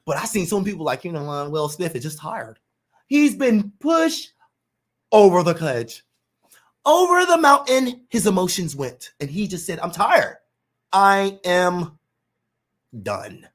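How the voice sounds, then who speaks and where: Man, husky voice, swooping lively intonation, slangy profane rant, acts out quotes. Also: high voice, moderate pace. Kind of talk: casual monologue rant.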